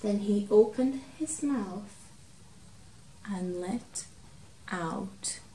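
A woman reading a picture book aloud to children, expressive, dramatic and gentle. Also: medium pitch, drawn-out words, a little hiss or hum. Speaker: children's storyteller. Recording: roomy, distant from mic, faint ambience.

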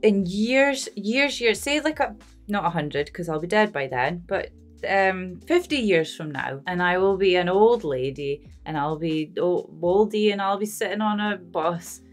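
A woman's voice: fairly low pitch, animated, unhurried, soft background music. A Scottish woman chatting casually to camera as a film reaction vlogger, rambling, self-deprecating and laughing often. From Scotland. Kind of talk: casual unscripted chat to camera.

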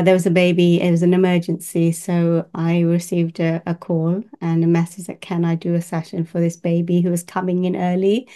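A woman working as a spiritual healer, telling a story casually to camera, lively and laughing often, acting out the voices she quotes. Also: on the low side.

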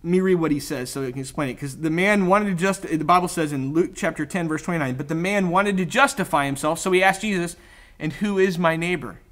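A man's voice: fairly high pitch, a little fast, a bit bright. A male pastor giving a casual, conversational sermon, joking at his own expense and acting out the people in the story. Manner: conversational, self-deprecating, voices quoted characters. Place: church.

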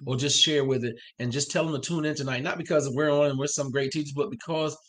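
A man's voice: on the high side, steady tone, fast. A man co-teaching a live-streamed church family course, enthusiastic and preacherly, speaking straight to online viewers with side remarks. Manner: enthusiastic, preacherly interjections and asides.

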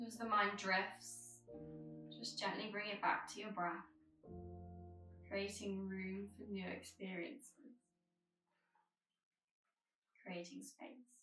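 A woman yoga teacher giving calm, gentle spoken cues through a guided flow. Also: medium pitch, slow, long pauses, echoey room, far from the mic, faint music behind, low-quality recording.

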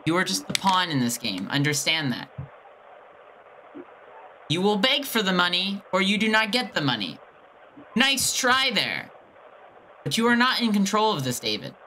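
Woman mocking a scammer, bright sharp voice, teasing then dropping low and menacing. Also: very animated, normal speed, pauses often, a little hiss or hum. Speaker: scam baiter streamer. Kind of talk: taunting a scammer on a call.

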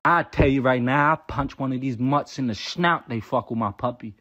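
A man tears into a comic rant, loud and profane, his voice sitting at an ordinary middle pitch. The sound is dull and a bit lo-fi, like a phone video. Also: fairly quick. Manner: animated, profane storytelling. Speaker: comedian. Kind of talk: comedic rant to camera.

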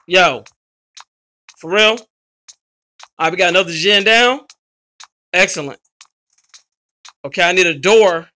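A man hosting his gaming channel delivers live, excitable, slangy gameplay commentary and yells at his teammates. His voice is high-pitched and unhurried, with long pauses.

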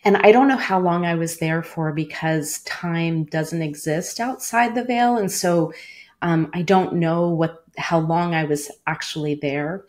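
A woman's voice: fairly low pitch, a little slow, darkish tone. A woman in her forties, a former cancer doctor, earnestly telling a personal story in an interview, with many "like" fillers.

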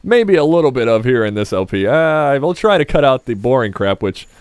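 A man's voice: mid-range voice, sing-song, a little fast, darkish tone, smooth, dry recording, clean studio sound. A man casually commenting on his gameplay as a Let's Play host, rambling and joking with his viewers. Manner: rambling, jokey, talks to viewers.

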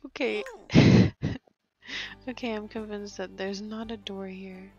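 A woman's voice: medium pitch, fairly even intonation, slow, a little mellow, dull audio, faint music behind. A young woman casually commenting while playing a life-simulation game, often whispering and amused. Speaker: gaming channel host. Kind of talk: casual let's-play commentary.

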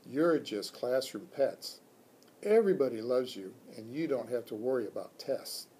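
A man's voice: mid-range voice, animated, moderate pace, mellow, slightly rough. Man reading as a weary substitute teacher. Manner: weary, earnest. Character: discouraged young male substitute teacher. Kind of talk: children's book read-aloud.

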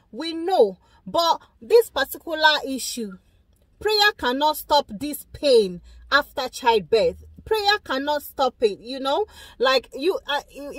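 Young woman, high voice, emphatic vlog commentary, dry close sound. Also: no echo. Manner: animated, emphatic, addresses viewers directly. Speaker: vlogger reacting to a video. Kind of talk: casual opinionated commentary.

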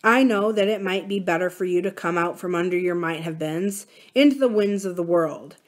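A woman gives voice to a wise old man talking low and slow. He sifts his memories with tender regret. The reading is unhurried and hushed, a library storybook voice. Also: lightly acted. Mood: musing. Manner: soft, slow and musing. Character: wise, gentle older man, reflective.

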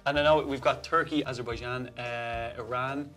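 A man's voice: mid-range voice, fairly even intonation, normal speed, a bit bright, soft background music. A young Irish man talking casually to the camera with an Irish accent. He slips in playful jokes and asides, his voice sitting in an ordinary middle register. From Ireland. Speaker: contributor taking a test.

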